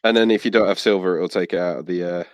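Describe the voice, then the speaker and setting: A man with a very low voice runs a tabletop game over voice chat. He talks in a halting way, filling gaps with "uh" as he works out the sums. The sound is dry and close. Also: steady tone, dry recording. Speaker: game master.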